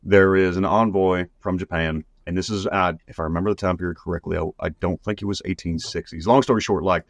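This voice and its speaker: A man's voice: low-pitched, fairly even intonation, a little fast, hardly any pauses, no room sound. A man hosting a podcast, retelling a film plot in a rambling, profane, casual way. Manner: rambling and profane, lots of fillers. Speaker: podcast host.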